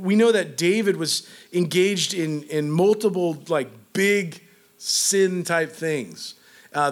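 A man's voice: sits high, a bit bright. A man preaching a sermon in a conversational way, reading scripture and often saying "like". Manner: conversational, peppered with "like".

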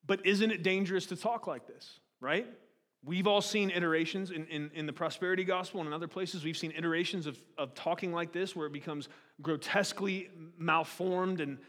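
Guy preaching, high-ish voice, lots of questions to the crowd, big echoey church hall. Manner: animated preaching, rhetorical questions to the congregation. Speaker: pastor. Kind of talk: sermon. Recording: long hall reverb.

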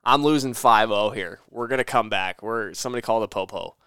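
A man's voice: lowish voice, fairly quick, smooth, no echo, clean studio sound. A man co-hosting a casual podcast while playing a video game, ranting and cursing at his plays. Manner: animated, rants and swears at the game. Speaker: podcast co-host.

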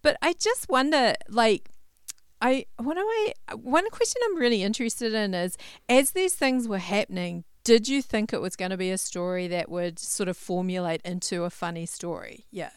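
Crisp, dry-sounding curious woman host. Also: medium pitch, normal speed, no room sound. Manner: hesitant, curious, many fillers and restarts. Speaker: podcast host. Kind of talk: casual interview chat.

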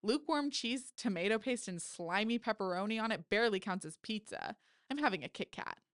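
A bold teenage girl camper, put on by a woman reading her story aloud, who teases and mocks her friend. The tone is brash, in an everyday pitch. It is recorded close and dry, with no room echo. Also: expressive, a little fast, fairly bright tone, lightly acted. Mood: teasing. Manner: brash, mocking.

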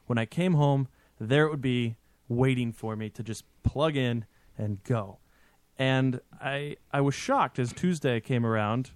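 A man co-hosting a podcast in casual chat, telling a story in an animated way and swearing freely. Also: medium pitch, a little slow, dry recording. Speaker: podcast co-host.

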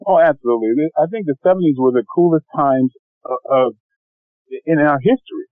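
A man's voice: a little high, brisk, no echo. A man, an actor guest, answering interview questions enthusiastically and emphatically. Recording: tinny phone-like line.

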